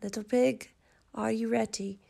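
A woman voicing a greedy, sly male big bad wolf, speaking slowly and loudly. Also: on the high side, steady tone, gravelly, exaggerated voice. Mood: falsely sweet. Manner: slow, loud, drawn-out threats.

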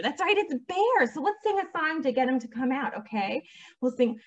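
Young female librarian, high voice, slow sing-song toddler-storytime delivery; dull lo-fi sound. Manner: animated, sing-song, talking to small children. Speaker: children's librarian.

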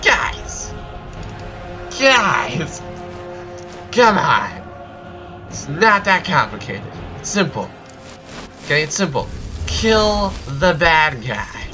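Animated goofy man narrating gameplay. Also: mid-range voice, faint music behind. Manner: goofy, rambling, quick outbursts. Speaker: gameplay commentator. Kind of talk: casual let's play commentary.

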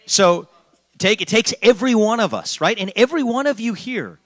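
A man's voice: sits high, expressive, moderate pace. A man hosting a town hall meeting, answering questions fluently with jokey asides and a rallying close. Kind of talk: public town hall remarks.

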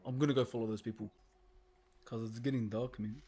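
A man's voice: medium pitch, steady tone, brisk, mellow, slightly rough, soft background music. A young man commenting nervously on a horror game he plays alone at home, swearing and hesitating. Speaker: gaming video host.

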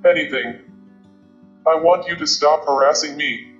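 A man voicing a guilty, timid boy who speaks hesitantly and apologetically, in a muffled recording with soft guitar music. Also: a little high, measured pace.

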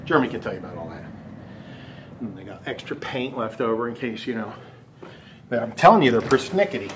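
A middle-aged man, slightly out of breath, talks to the camera as a real estate agent on a loose, joking tour of a big empty house. He sounds expressive in a mid-range voice and speaks fairly quickly. The recording carries background noise and the echo of bare rooms.

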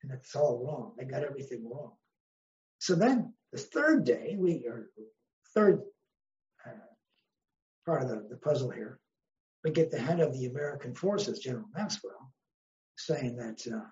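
A man's voice: mid-range voice, lively intonation, normal speed, darkish tone, highs cut off. A man, a history professor, speaking as an interview guest in an emphatic, wry way and posing rhetorical questions. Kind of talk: conversational interview.

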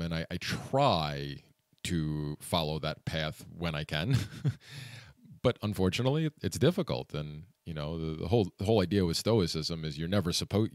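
Low-voiced male vlogger, frustrated and rambling, close dry sound. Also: dry recording. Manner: frustrated, venting, lots of "you know" fillers. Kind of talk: personal vlog storytelling.

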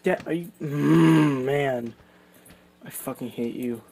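A man's voice: a little high, slow, gravelly, mellow. A young man commenting on his gameplay, exasperated and swearing often. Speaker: gaming streamer. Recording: faint background noise.

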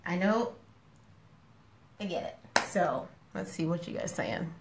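A woman's voice: low-pitched, measured pace, echoey room, a little hiss or hum. A woman talking casually and frankly to her followers on a live stream, scolding them with affection and repeating herself. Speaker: social media personality talking to followers.

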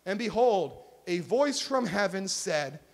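A man with a high voice preaches to his congregation as their pastor. His delivery is earnest, pressing hard on key points and then dropping low and quiet. The sermon is given live in a church. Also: expressive, slow pace. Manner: earnest, swings from emphatic to hushed. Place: church sanctuary.

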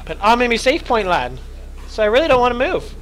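A man doing casual let's play commentary, excitable, joking and swearing a lot. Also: very high voice, a little fast, slight background noise. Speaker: gamer.

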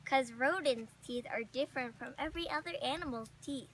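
A woman's voice: high voice, fairly quick, fairly bright tone, slight background noise. A woman playing a chirpy flying squirrel teacher. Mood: instructive. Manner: sing-song, encouraging, repeats praise. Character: eager female flying squirrel teacher at rodent school. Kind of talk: amateur comedic role-play.

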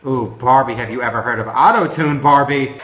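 A young man hosting a comedic game commentary video, crude and sarcastic, swinging between deadpan mutters and loud shrieks. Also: medium pitch, fairly quick. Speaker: gaming video host. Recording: echoey room with music behind.

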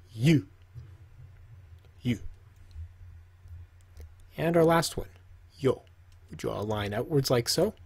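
A man casually teaching, joking and talking to himself while he draws. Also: mid-range voice. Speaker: language teacher. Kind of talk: casual tutorial while drawing.

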